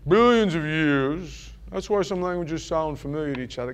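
A male preacher from New York with a fairly high voice, delivering a sermon. He is animated and playful, acting out voices and jokes as he goes. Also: moderate pace, a little hiss or hum.

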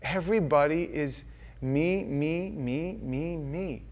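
A man's voice: a little high, takes it slowly, darkish tone. A man preaching a sermon in church, earnest and conversational, acting out the voices he quotes.

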